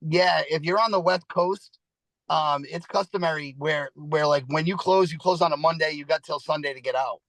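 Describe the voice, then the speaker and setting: Blunt man with a higher voice, dry sound. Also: moderate pace, a bit bright, no room sound, poor audio. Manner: blunt, casual, swears. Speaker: podcast co-host. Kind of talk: casual podcast chat.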